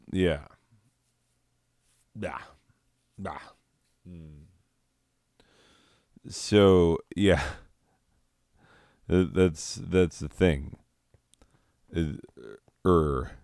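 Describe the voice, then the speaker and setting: A man rambling through a solo chat while high, swearing and giggling as he drifts off topic. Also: darkish tone, clean tone, dry recording, clean studio sound. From southwestern United States. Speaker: podcast host.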